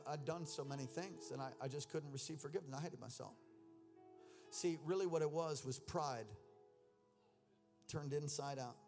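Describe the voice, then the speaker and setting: A man preaching with a slightly high voice, swinging from loud bursts to low, intense asides. He mixes scripture reading with casual slang. Faint music plays behind him. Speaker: pastor. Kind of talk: sermon.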